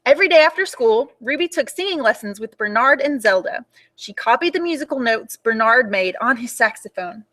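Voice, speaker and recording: A young woman reading a picture book aloud for children at storytime, in an animated and expressive way. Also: fairly high pitch, a little fast.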